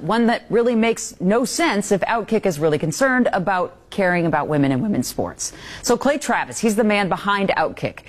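Lively-toned female news anchor. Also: mid-range voice. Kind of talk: scripted news commentary.

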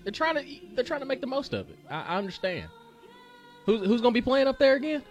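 A man co-hosting a casual sports talk show, reacting quickly and repeating words as he talks. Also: extremely high pitch, big pitch swings, faint music behind.

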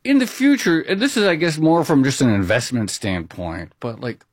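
A man's voice: mid-range voice, expressive, normal speed, no room sound, clean studio sound. A man co-hosting a podcast, asking questions in loose, searching phrasing. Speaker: podcast co-host. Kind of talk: interview questions.

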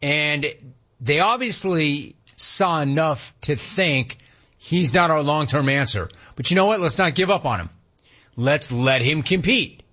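A man's voice: on the high side, expressive, measured pace, sharp tone. A man hosting a sports talk show, ranting with rhetorical questions and reading out chat comments. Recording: dull lo-fi sound.

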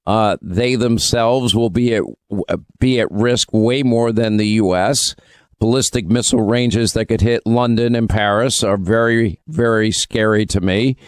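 A man's voice: fairly low pitch, steady tone, a little slow, clear, resonant tone, no room sound. A man hosting a talk radio show, giving emphatic, opinionated commentary and taking calls.

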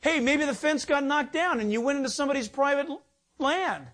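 A man's voice: very high-pitched, a little fast, fairly bright tone. A male pastor preaching a sermon in an emphatic, conversational way, with rhetorical questions and joking asides.

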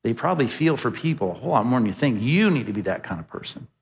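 A pastor giving a sermon in a conversational, emphatic style, asking rhetorical questions. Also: male voice, medium pitch, big pitch swings, quick pace, vocal fry, in a large hall, slight background noise.

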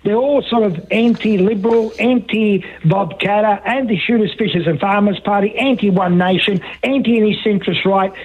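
A high-voiced Australian man rambles on the phone to a radio host, circling back over the same points with insistent emphasis. His voice is husky and a little breathy. The call comes through a dull, muffled phone line. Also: normal speed, few pauses. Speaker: caller.

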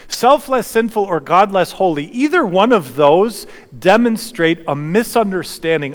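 A male pastor preaching a sermon, telling the story dramatically with repeated phrases, moving from fervent to hushed. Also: on the high side. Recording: long reverb in a large hall.

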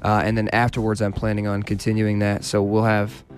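A man talking as a touring musician guest on a radio interview, relaxed and rambling, with many fillers and restarts. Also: lowish voice, brisk, soft background music.

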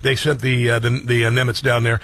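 A man's voice: medium pitch, level tone, fairly quick, creaky, a bit bright, dry recording. A man hosting a political talk show, reading headlines and riffing on them in a blunt, combative way. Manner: blunt, combative, reads headlines then riffs with asides. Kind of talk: opinionated talk radio commentary.

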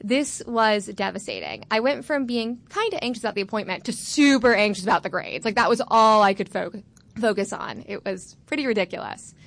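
A woman's voice: mid-range voice, brisk, gravelly, a bit bright. A woman in her twenties from Florida, telling a personal story on stage with a candid, wry, self-mocking manner. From Florida, USA.

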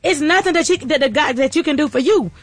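A woman giving an emotional, preachy motivational talk, teary and repeating herself as she builds to shouts. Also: sits high, expressive, fast talker, no room sound. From Atlanta area. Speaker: restaurant owner.

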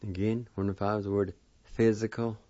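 Deep slow guy teaching how to say words, breaks em into syllables, dull lo-fi recording. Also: flat delivery, warm tone, no room sound. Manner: spells and sounds out words slowly, syllable by syllable. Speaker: language teacher. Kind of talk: pronunciation lesson.

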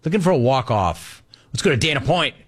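An older man hosts a call-in radio show and rants with comic exasperation. His pitch swings widely as he mocks people, and he keeps the talk loose and conversational. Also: a little fast. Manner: animated rant with mocking voices. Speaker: sports radio host.

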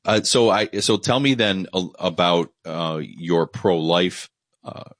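A man with a Midwestern American accent who hosts the interview, asking his questions haltingly with many restarts. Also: deep voice, fairly bright tone, dry recording, clean studio sound. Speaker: host. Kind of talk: interview conversation.

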